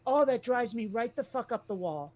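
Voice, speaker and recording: A woman co-hosting a casual talk show, blunt and animated, swearing freely. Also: fairly high pitch, normal speed, highs cut off. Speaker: podcast co-host. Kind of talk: casual chat.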